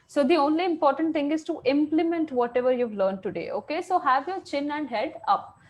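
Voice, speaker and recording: A woman teaching an online class for children, animated, quizzing the class and praising their answers over a video call. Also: high voice, brisk, highs cut off.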